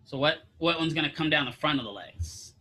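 A man's voice: a little high, a little fast, bright, forceful tone. A man teaching a physical therapy class, lecturing casually, quizzing students and throwing in jokes. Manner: asks students questions, casual joking asides.

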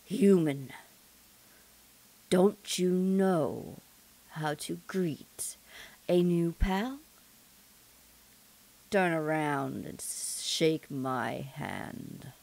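Casting: a woman playing a lazy, quiet, wisecracking skeleton in a game, lower than her own voice. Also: expressive, very slow, creaky, pauses often, heavily acted. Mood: laid-back. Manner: low, quiet, lazy drawl. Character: lazy laid-back male skeleton joker.

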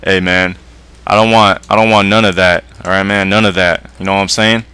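A man's voice: low voice, flat delivery, a little fast, bright, forceful tone, clear, resonant tone. A man doing a slangy laid-back terrier. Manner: drawling, slangy, dude-bro talk. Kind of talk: comedic gaming commentary.

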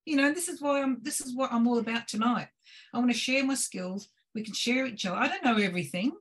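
A woman, a guest on a video call, telling lively stories about home cooking and cheese-making with laughs along the way. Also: fairly high pitch, quick pace, husky. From Australia. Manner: lively, laughing, gestures while cooking talk. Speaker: guest presenter. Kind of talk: animated storytelling on a video call.

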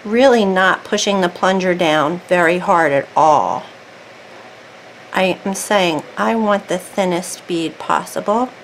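A woman's voice: fairly low pitch, takes it slowly, a little hiss or hum, poor audio. Chatty woman talking through a craft. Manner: chatty, self-talking while working, thinks aloud. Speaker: craft video creator. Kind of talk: casual real-time craft tutorial.

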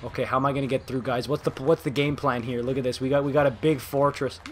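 A young man giving live gameplay commentary, excitable and trash-talking, swinging between low muttering and sudden yelling. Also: fast, slight background noise. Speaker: gaming video host.

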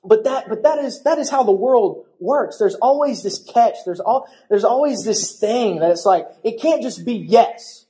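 A young man preaching a church sermon, telling a story in a lively, casual way and acting out the voices of people in it. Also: high-pitched, measured pace, hardly any pauses. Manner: animated storytelling with acted-out voices. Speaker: pastor.

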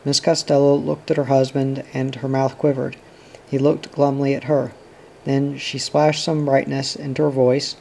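A man reading a novel aloud as an audiobook narrator, in a steady and subdued way. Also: medium pitch, moderate pace, creaky, a little hiss or hum, low-quality recording. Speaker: audiobook reader.

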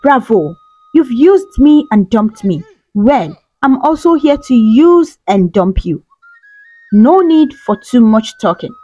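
A woman's voice: a little high, very animated, slow, warm tone, highs cut off, faint music behind, full character voice. A woman voicing a bitter, vengeful young female ghost in a storybook tale, speaking in a cold, mocking manner.

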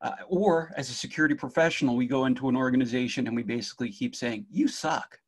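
A man's voice: medium pitch, steady tone, fast, a little hiss or hum. A middle-aged man from New Jersey with a faint Jersey accent, giving a jokey conference talk on cybersecurity and speaking straight to the audience.

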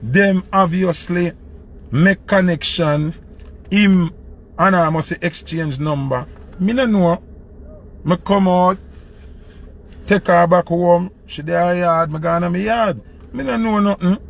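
A man with a Jamaican accent, a dancehall selector telling a personal story in an animated, rambling way. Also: sits high, slow pace, gravelly, pauses often. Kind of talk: casual storytelling to camera.

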